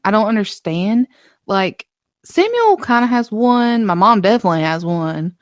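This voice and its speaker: A woman's voice: on the high side, no room sound, clean studio sound. A young woman with a light Southern US accent, co-hosting a podcast in casual, chatty talk and swearing freely. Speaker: podcast co-host.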